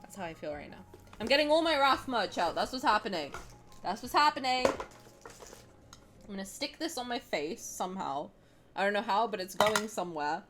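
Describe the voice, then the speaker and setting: A woman streaming a game, talking casually with her chat, swinging from loud squeals to quiet mutters. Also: medium pitch, very animated, moderate pace, music in the background.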